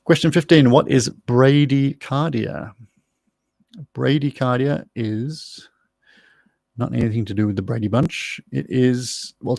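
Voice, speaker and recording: A middle-aged Australian man with a medium-pitched, creaky, slightly dark voice hosts a live-streamed pub quiz. He reads out the trivia answers chattily, spelling words aloud as he goes, and the recording is dry.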